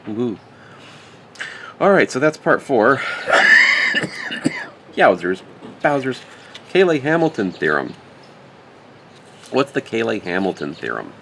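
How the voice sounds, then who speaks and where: A math instructor with a low voice thinks aloud while writing out a problem in a recorded lecture, making jokes and muttering fixes to his own mistakes. The background is noisy.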